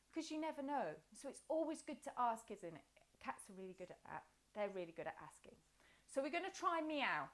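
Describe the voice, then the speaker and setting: A woman guiding a children's yoga and movement class, encouraging and playful as she talks the class through each pose. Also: a little high. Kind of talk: guided class instruction.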